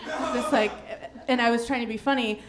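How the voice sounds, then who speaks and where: A woman's voice: on the high side, steady tone, moderate pace, a crowd in the background, noisy background. A woman comedian telling a rambling, self-mocking story on stage, often breaking into giggles. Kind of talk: live storytelling stand-up.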